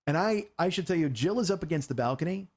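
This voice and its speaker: A man in his forties hosting a comedy podcast, telling a story in a rapid, excitable, profane monologue. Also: fairly high pitch. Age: 40s.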